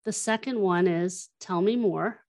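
A woman guest, a workshop trainer, explaining her methods and telling stories, acting out quoted lines in an animated way. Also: medium pitch, unhurried. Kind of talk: explanatory interview talk.

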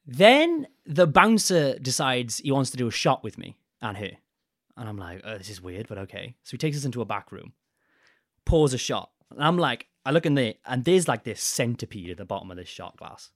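Young male storyteller, very animated pitch, dry close mic. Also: moderate pace, no room sound. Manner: animated, acts out quoted voices. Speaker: podcast guest, adventurer. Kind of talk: casual storytelling.

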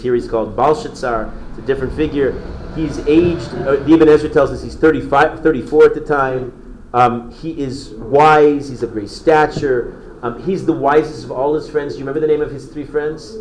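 A man teaching a lively, conversational storytelling class who quizzes his listeners as he goes. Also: medium pitch, normal speed, echoey room, slight background noise, poor audio. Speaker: Torah teacher.

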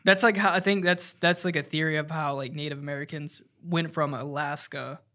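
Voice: mid-range voice, fairly even intonation, fairly quick, bright, forceful tone. Hesitant podcast co-host, stumbles over words, leans on fillers. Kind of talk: casual chat.

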